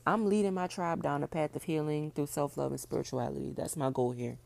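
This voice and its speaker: A woman hosting her own podcast, talking fast and casually, repeating points for emphasis. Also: low voice, fairly even intonation, gravelly, darkish tone. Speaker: podcast host. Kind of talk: casual solo podcast talk.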